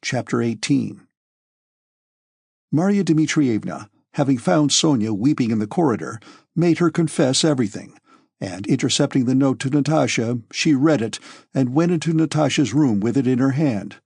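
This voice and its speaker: Husky male audiobook narrator. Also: medium pitch, expressive, normal speed, darkish tone, dry recording, studio quality.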